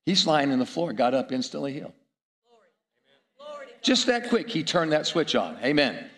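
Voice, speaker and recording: A man's voice: fairly high pitch, big pitch swings, normal speed, fairly bright tone. A middle-aged man preaching a sermon, telling stories with chuckles and asides to the audience.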